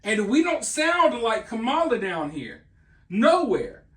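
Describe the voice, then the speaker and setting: A man with a very high-pitched voice hosts an opinionated political monologue. He speaks emphatically and with scorn, addressing the viewers directly. The room around him is echoey and reverberant. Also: big pitch swings, slow, fairly bright tone. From Southern United States. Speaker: political commentary host.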